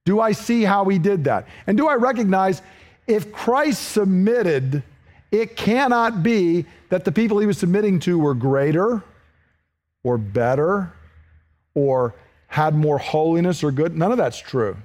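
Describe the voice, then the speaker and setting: A man preaching a sermon, earnest and questioning, moving between emphatic points and hushed, slowed lines. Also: sits high, lively intonation. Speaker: pastor.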